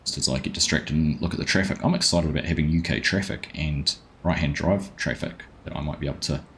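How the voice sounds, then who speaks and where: A man with a deep, low voice talks his way through a live game stream. He chats easily and greets viewers one by one. His talk wanders between the game and side topics. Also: fast, fairly bright tone, a little hiss or hum. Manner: chatty, greets viewers by name, easily sidetracked. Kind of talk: casual live-stream commentary.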